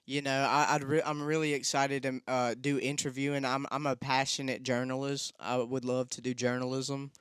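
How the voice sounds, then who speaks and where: A man's voice: mid-range voice, level tone, normal speed, few pauses, a bit bright, smooth, dry recording, studio quality. A young man telling a story casually on a podcast, rambling and swearing a lot. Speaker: podcast co-host.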